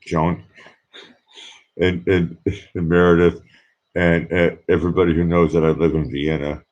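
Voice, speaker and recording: A man doing an impression of a famous Austrian-born bodybuilder and actor, with a put-on Austrian accent and slow, deliberate pronouncements. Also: low-pitched, level tone, darkish tone, dull audio. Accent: put-on Austrian German.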